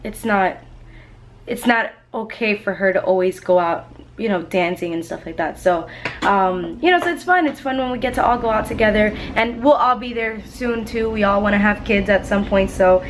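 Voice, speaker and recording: A woman's voice: mid-range voice, moderate pace, a little hiss or hum. A young adult woman vlogging in a casual, rambling chat, full of ums and likes.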